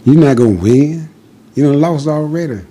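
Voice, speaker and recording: A man's voice: fairly high pitch, moderate pace, dark tone. A man giving an impassioned, defiant monologue as a podcast guest, preaching in short repeated declarations.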